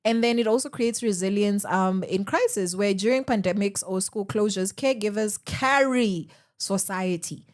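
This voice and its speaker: A woman hosting a radio talk show, speaking in an animated, emphatic way and firing off rhetorical questions from the studio. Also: mid-range voice, moderate pace.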